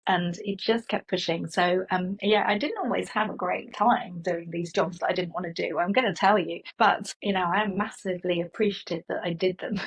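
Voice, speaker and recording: A middle-aged woman recounting her career as a podcast guest, animated and acting out quoted dialogue. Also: fairly low pitch, normal speed, hardly any pauses, husky, rough recording. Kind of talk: conversational storytelling.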